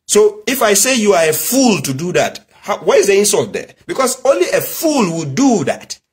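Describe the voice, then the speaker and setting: A man's voice: sits high, big pitch swings, moderate pace, husky, soft background music. A middle-aged man lecturing in an emphatic way, firing rhetorical questions and telling family stories. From Nigeria. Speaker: religious commentator. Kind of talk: preachy monologue.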